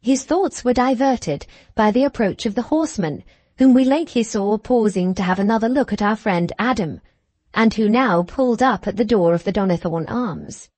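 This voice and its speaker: A woman narrating a classic novel aloud in a measured, even storytelling manner. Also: fairly high pitch, dry recording. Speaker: audiobook narrator.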